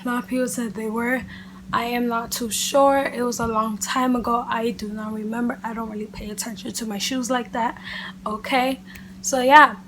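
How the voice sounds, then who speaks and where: A woman vlogger telling a casual storytime to camera, animated and chatty, leaning on "like" and "literally". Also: on the high side, normal speed, a little hiss or hum. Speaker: beauty vlogger.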